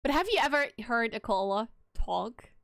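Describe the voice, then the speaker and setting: Woman, fairly high, giggly and steering the chat; dry, close voice-call sound. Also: very animated, moderate pace, creaky, fairly bright tone, dry recording. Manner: giggly, keeps the talk on track. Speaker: podcast participant. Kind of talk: casual online group chat.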